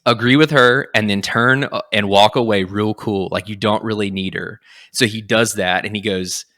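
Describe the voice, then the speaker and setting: A young man hosts a casual podcast, retelling a story with plenty of energy. His voice sits a touch low but comes across bright and forceful. He keeps slipping into quoted lines of dialogue as he goes. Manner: animated, acts out lines in quick quotes. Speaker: podcast host.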